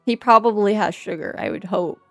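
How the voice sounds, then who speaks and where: A woman's voice: mid-range voice, brisk, fairly bright tone, soft background music. A woman speaking casually as a player at a tabletop game, trailing off mid-sentence. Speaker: player voicing her character. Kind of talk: tabletop role-play.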